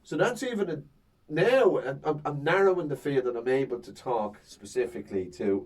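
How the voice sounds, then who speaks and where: Lively man, husky and distant. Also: medium pitch, normal speed. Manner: animated storytelling, acts out crowd banter. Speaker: stand-up comedian. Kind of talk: casual chat.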